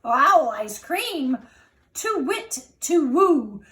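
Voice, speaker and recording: A woman voicing a fussy, flighty owl in a children's storybook reading, with a high, hooting, sing-song delivery. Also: very animated, extremely slow, fairly bright tone, full character voice. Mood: alarmed.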